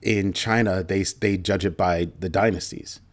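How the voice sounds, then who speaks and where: A somewhat low-voiced man with fairly even intonation hosts a livestream commentary, speaking a little slowly. He's emphatic, leans on repeated key phrases, and breaks off at times to address viewer comments.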